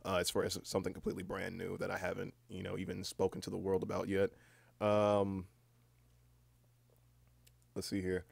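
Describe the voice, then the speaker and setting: A man's voice: low-pitched, completely flat delivery, normal speed, creaky, long pauses, slightly rough, dry recording. Groggy, rambling man with a cracking voice. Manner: rambling, many fillers and restarts, swears casually. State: just woken up, voice cracking. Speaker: livestreamer. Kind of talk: casual stream chat.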